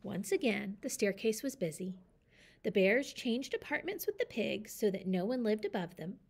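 A woman reading a children's picture book aloud with a lively, expressive delivery. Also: mid-range voice, normal speed, creaky, breathy edge. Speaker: storyteller. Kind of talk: children's story read-aloud.

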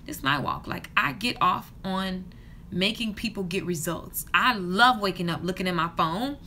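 A woman in her thirties talks straight to camera from a hotel room with a bright, forceful voice. She rants in a fired-up, passionate way, like a coach pushing her viewers. A faint hum sits under her. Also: medium pitch, moderate pace. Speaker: hair stylist and business coach. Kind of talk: casual vlog rant to camera.

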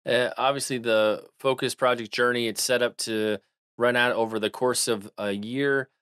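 A man's voice: mid-range voice, steady tone, normal speed, fairly bright tone, smooth, dry recording, clean studio sound. A man hosting a podcast interview, who asks questions and closes the show in a polished manner. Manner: polished, scripted host wrap-up. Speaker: podcast host.

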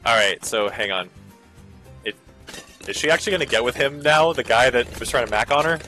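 A man casually commenting over a video game, ranting and sarcastic, swearing freely and jumping into squeaky high bits. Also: animated, brisk, pushed and bright, soft background music. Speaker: gaming video host.

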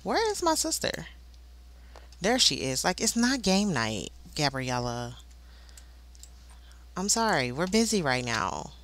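A woman hosting a life-simulation game let's play, chatting casually and voicing the characters in quick asides. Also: on the low side, very animated, fairly bright tone. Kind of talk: casual gameplay commentary.

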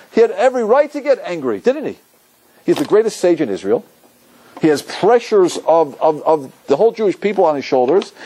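A man's voice: sits high, slight background noise. A man teaching as a rabbi, giving a Torah lecture and acting out the voices and thoughts of the people in his examples. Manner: animated, acts out inner voices and quotes.

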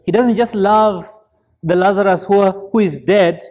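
A man teaching a church Bible study as a deacon, earnest and emphatic, often pausing to ask his listeners to fill in the answer. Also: sits high, a little mellow. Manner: asks the listeners fill-in questions.

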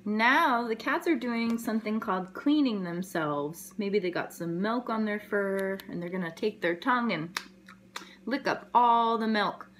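A woman educator reading a picture book aloud to young children, telling the story gently and expressively and adding sound effects. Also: medium pitch, animated, normal speed, a little hiss or hum.

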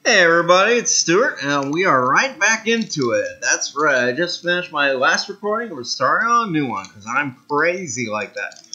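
A man's voice: fairly high pitch, very animated, normal speed, bright, forceful tone. A man hosting a let's-play, rambling in casual gameplay commentary and talking between mouthfuls of candy. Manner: rambling and self-amused, talks while munching candy. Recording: dull lo-fi with faint music.

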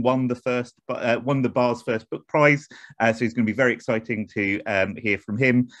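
A man's voice: medium pitch, no echo. A man with an English accent hosting an online academic evening, introducing speakers in a hesitant, self-deprecating way over a video call. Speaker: host of an online academic event. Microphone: computer mic on a video call.

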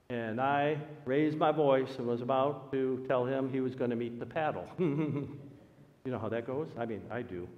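A man, a pastor, preaching a sermon with animated storytelling, his voice rising for emphasis. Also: medium pitch. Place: church. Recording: dull sound with long hall reverb.

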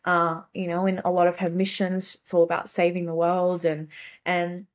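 A young adult woman, a guest in a casual conversation, speaking softly and haltingly with many fillers. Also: fairly low pitch, completely flat delivery.

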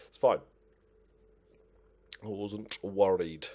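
A young gaming channel host with a low, slightly mellow voice speaks slowly while playing a football management game. He mutters to himself and swears at his players as he comments.

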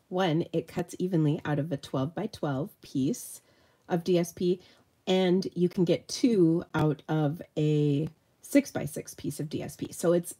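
A middle-aged woman's warm, lowish, slightly nasal voice guides a live card-making demonstration. She talks through her work as she goes, chatty and quick to poke fun at herself.

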